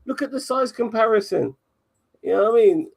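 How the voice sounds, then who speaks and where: A man's voice: high voice, lively intonation, a little fast, creaky, darkish tone, husky. Male podcast co-host: rambling, stammering, foul-mouthed casual banter. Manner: rambling, stammering, swears freely.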